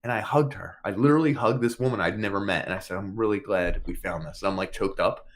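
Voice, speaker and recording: A man's voice: fairly low pitch, fast. A man co-hosting a podcast, telling a long story in casual chat, acting out what people said and swearing freely. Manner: animated, swears casually, acts out quotes. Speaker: podcast co-host.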